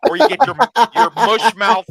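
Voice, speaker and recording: A man's voice: high voice, normal speed, a crowd in the background. A man in a casual chat with friends, ranting in mock anger with heavy swearing. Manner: profane, mock-angry ranting.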